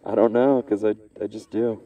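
A man's voice: fairly low pitch, fairly even intonation, moderate pace, heavy background noise. A man live-streaming from an outdoor petting zoo, talking nonstop with crude, joking banter into a handheld mic. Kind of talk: casual live-stream commentary.

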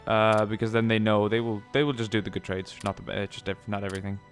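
A man's voice: lowish voice, little pitch movement, quick pace, faint music behind. A man giving casual gameplay commentary, chatty, with many ums and joking asides. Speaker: let's play gamer.

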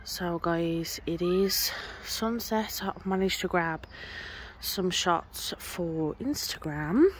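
A woman's voice: on the low side, takes it slowly, a little hiss or hum. Chatty young woman vlogging outdoors. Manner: chatty, rambling with many fillers. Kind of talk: casual travel vlog chat. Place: outdoors by a field of horses at a campsite.

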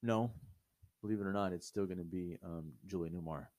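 Blunt, low-voiced man ranting casually. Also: a little fast, no echo. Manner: blunt, profane, animated ranting. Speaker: co-host of a movie review show. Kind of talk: casual opinionated chat.

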